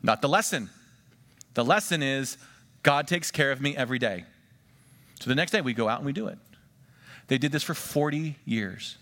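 A man preaching a sermon, swinging between emphatic rises and quiet drops, and drawing the congregation into questions and call-and-response. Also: mid-range voice, animated, moderate pace, pauses often. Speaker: pastor. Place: church sanctuary. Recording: long church reverb.

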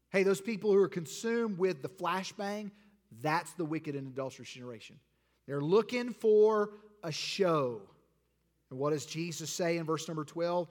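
A man pastor preaching a sermon in an animated way, swinging from loud declarations to hushed lines. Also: on the high side, unhurried. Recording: long hall reverb.

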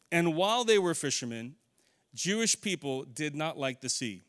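A man's voice: fairly high pitch, fairly bright tone, clean tone. A middle-aged man preaching a conversational sermon, putting questions to his congregation. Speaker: pastor.

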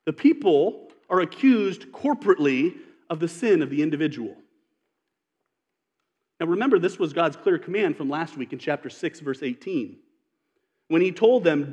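Male pastor, high-pitched, emphatic sermon delivery with long hall reverb. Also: animated, moderate pace, long pauses, darkish tone, slightly rough, lo-fi sound. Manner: earnest, emphatic, reads scripture aloud.

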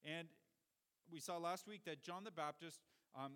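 A man with a slightly high voice gives a teaching sermon. He walks his listeners through scripture verse by verse, in a patient, explanatory style. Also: a little slow, a bit bright, smooth. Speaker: preacher.

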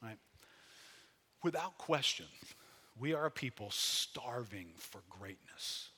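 A man from New delivers a sermon in a loose, folksy manner. His voice is bright and forceful at middling pitch. He swings from big loud bursts down to low, hushed asides. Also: expressive, takes it slowly, husky. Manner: conversational preaching, folksy asides, swells loud then drops low. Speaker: pastor.

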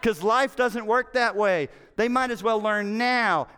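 A man's voice: sits high, unhurried, few pauses, clean tone. A middle-aged man preaching a sermon as a pastor, telling stories with self-mocking humor and acting out quoted lines. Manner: animated, self-mocking storytelling with playacted quotes.

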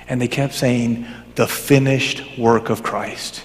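A male pastor preaching a sermon, swinging between fervent raised emphasis and hushed, low passages. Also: steady tone, slow pace. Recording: long hall reverb.

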